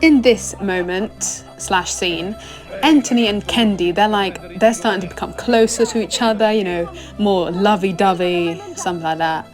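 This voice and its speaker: A woman's voice: medium pitch, moderate pace, soft background music. Rambling, chatty young woman reviewer. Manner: rambling and chatty, full of "like" and "oh my gosh". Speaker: anime reviewer. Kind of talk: casual anime review chat.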